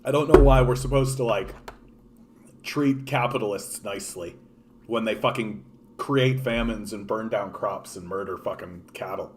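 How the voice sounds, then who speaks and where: A man's voice: fairly low pitch, moderate pace, a little hiss or hum. Profane man ranting casually. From Canada. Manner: profane, animated, filler-heavy, reacting to chat. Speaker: streamer. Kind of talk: casual political rant.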